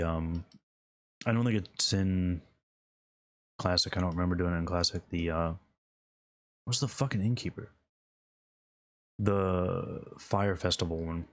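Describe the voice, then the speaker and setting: A man with a very low, deep voice talks loosely over his gameplay. He rambles, chuckles to himself, and often drifts off mid-sentence. It sounds like an unscripted recording of someone talking while he plays. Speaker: gaming streamer. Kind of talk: casual gameplay commentary.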